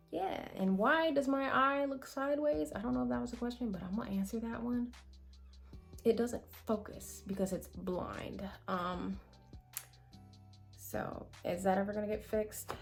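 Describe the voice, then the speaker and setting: A woman's voice: on the high side, gravelly, a little mellow. A woman vlogger answering viewer questions in a casual chat to camera, candid and rambling, with asides and self-corrections.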